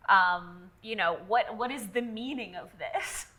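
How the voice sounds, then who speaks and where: A woman player in a tabletop game, eager and excitable in casual chat. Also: medium pitch, measured pace.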